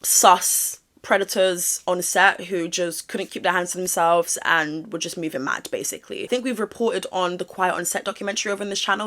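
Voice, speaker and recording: A woman's voice: lowish voice, a bit bright. A woman, gossiping in a rambling, sassy commentary style with lots of fillers. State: out of breath. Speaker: commentary vlogger.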